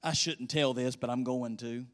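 A male pastor preaching a sermon in a church, swinging between loud emphasis and hushed near-whispers. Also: medium pitch, fairly even intonation, moderate pace. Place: church sanctuary. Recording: echoey church hall reverb.

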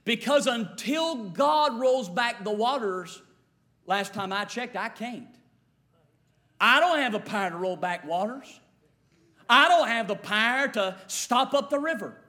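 High-pitched, bright-voiced preacher. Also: male voice, lively intonation, a little slow. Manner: rhythmic repetition, swinging from shouts to hushed tones. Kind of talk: fiery revival sermon.

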